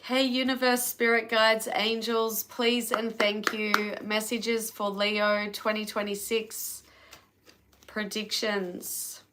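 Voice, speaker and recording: A woman's voice: medium pitch, little pitch movement, takes it slowly, noisy background. A woman with an Australian accent doing a casual live tarot reading and chatting with viewers between cards. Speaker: tarot reader.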